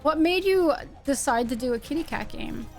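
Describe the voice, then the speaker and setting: A woman's voice: high-pitched, lively intonation, moderate pace, darkish tone, soft background music. A woman hosting a live stream, chatting playfully with her viewers while she plays a game. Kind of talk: casual live-stream chat while gaming.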